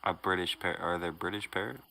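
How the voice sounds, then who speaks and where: A man's voice: sits low, fast talker, creaky, pushed and bright, rough recording. A man co-hosting a podcast, teasing the others and running a joke into the ground in casual banter. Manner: teasing, repeats jokes. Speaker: co-host.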